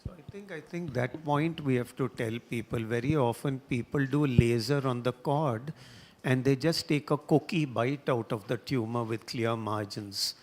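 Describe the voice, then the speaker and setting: A man's voice: medium pitch, moderate pace. A man speaking as a surgeon on a panel, emphatic and insistent. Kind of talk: panel discussion.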